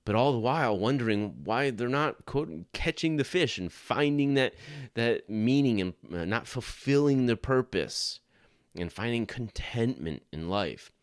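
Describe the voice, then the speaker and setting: A man's voice: medium pitch, expressive, a little slow, smooth, dry recording, clean studio sound. A middle-aged man hosting a Christian podcast, talking in an earnest, conversational way with frequent restarts. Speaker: podcast host. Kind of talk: Christian apologetics podcast talk.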